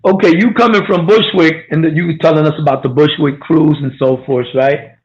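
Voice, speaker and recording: A man's voice: a little high, steady tone, brisk. A man interviewing a guest, reacting briefly and pushing with eager follow-up questions. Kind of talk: casual interview. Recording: dull lo-fi sound.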